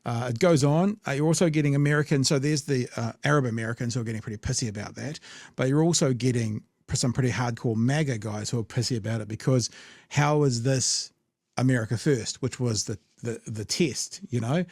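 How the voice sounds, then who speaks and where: A man with a New Zealand accent hosting a casual political chat show, blunt, sarcastic and quick to swear. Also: mid-range voice, darkish tone, no echo, clean studio sound. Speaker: podcast host.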